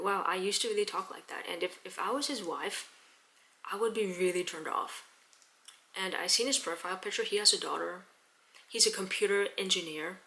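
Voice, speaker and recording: A young woman telling a story in a casual vlog, chatty, with quick restarts and repeated words. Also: medium pitch, pushed and bright. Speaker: vlogger.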